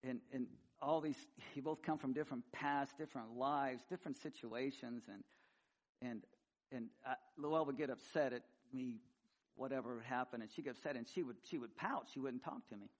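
A middle-aged man preaching a sermon, swinging between loud, high emphasis and quiet, low asides. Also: normal speed. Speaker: pastor.

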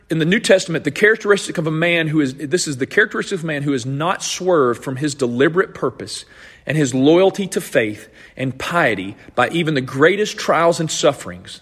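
A man's voice: on the high side, a bit bright, slightly rough, in a large hall. A man preaching a sermon as pastor, earnestly explaining scripture and often restarting his phrases.

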